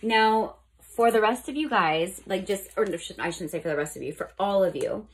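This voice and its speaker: A woman with a slightly rough, mid-range voice and normal pace reads tarot casually for her audience. Her chatty delivery is dotted with "okay?" check-ins and self-corrections as she restarts along the way.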